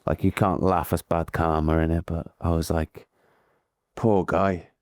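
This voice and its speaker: A man's voice: low voice, level tone, unhurried, darkish tone, no echo. A Welsh man co-hosting a cycling podcast, telling stories in a laid-back, chatty way. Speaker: podcast co-host, pro cyclist. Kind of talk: casual podcast chat.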